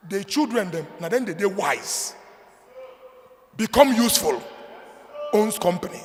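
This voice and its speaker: A man with a Nigerian accent preaching a sermon, swinging between loud emphatic declarations and quiet low asides. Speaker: pastor. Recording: long hall reverb.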